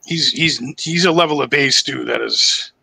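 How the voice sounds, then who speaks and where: Excitable bright-voiced man bantering. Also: medium pitch, moderate pace, vocal fry, husky. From Boston, USA. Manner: excitable, joking banter with slang and swearing. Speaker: podcast co-host. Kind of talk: casual podcast chat.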